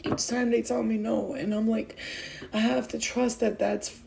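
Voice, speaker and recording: A woman's voice: fairly high pitch, flat delivery, measured pace, vocal fry, warm tone, rough recording. A young woman talking to her viewers in a rambling, heartfelt way, full of fillers and restarts, and tearful at times. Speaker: spiritual vlogger. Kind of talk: emotional casual talk to viewers.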